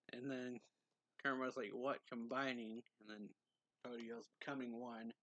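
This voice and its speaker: A man's voice: medium pitch, flat delivery, measured pace, fairly bright tone, dull audio. Man casually recapping a manga. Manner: reads quotes in a slightly raised voice, laughs often. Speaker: manga reviewer. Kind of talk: casual recap reading out lines.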